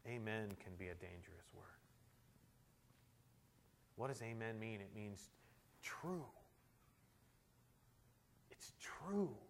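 A male pastor preaching a sermon, moving between loud emphatic climaxes and quiet, intimate stretches. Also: on the low side, fairly even intonation, a little slow, creaky, pauses often, a little hiss or hum. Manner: tells humorous anecdotes, shouting quoted amens.

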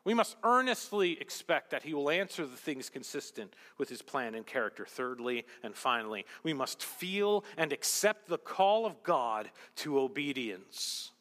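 A man's voice: medium pitch, big pitch swings, a bit bright. Male pastor, sermon, earnest, rhetorical, long hall reverb. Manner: earnest, rhetorical, slows for emphasis.

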